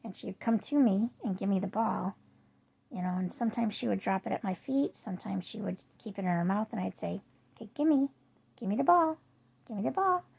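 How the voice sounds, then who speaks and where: A woman, rambling through casual chat to her viewers with lots of fillers, her voice jumping high when she quotes herself. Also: brisk, creaky, warm tone, breathy edge. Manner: rambling storyteller with many fillers. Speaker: vlogger.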